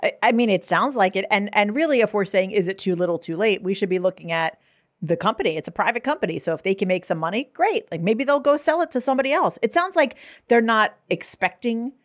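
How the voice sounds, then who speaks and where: A woman co-hosting a podcast in casual chat, animated and quick to curse in her banter. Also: mid-range voice. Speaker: podcast co-host.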